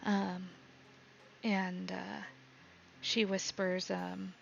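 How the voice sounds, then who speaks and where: A woman narrating as dungeon master of a live-streamed tabletop game, halting and full of ums, in a slightly dull lo-fi recording. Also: mid-range voice, little pitch movement, creaky. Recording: slightly dull lo-fi sound with faint noise.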